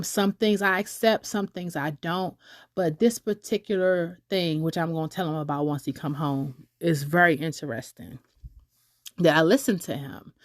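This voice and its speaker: A woman's voice: fairly low pitch, no echo, clean studio sound. A woman hosting her own podcast in a chatty, digressive way, often correcting herself mid-sentence. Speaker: podcast host. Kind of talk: casual podcast monologue.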